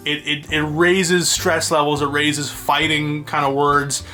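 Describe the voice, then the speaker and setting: Bright-voiced man rambling to his phone. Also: fairly high pitch, flat delivery, unhurried, faint music behind. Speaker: video blogger. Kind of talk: casual storytelling to camera. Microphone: phone held by himself.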